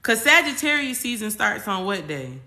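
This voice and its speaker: A woman's voice: medium pitch, big pitch swings, normal speed, sharp tone. A woman spiritual coach hosting a casual astrology livestream, talking emphatically and repetitively to her viewers, with casual slang and swearing. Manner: emphatic, repetitive, talks straight at the audience.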